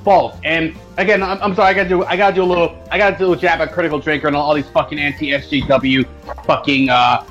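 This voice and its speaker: A man with a somewhat high voice rants and swears through a casual podcast chat. The recording is dull and lo-fi, with faint music underneath. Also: steady tone, quick pace, fairly bright tone. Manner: profane, ranting. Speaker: podcast co-host.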